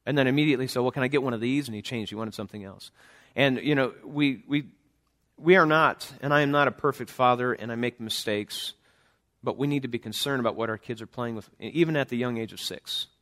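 A man's voice: mid-range voice, brisk, fairly bright tone. A man preaching a sermon earnestly, reading scripture and speaking as a father to the parents in his church. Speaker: pastor; father of a young son.

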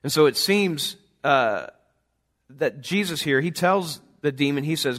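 A man's voice: a little high, animated, moderate pace, a bit bright. A man preaching a sermon earnestly, reading scripture and speaking as a father to the parents in his church. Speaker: pastor; father of a young son.

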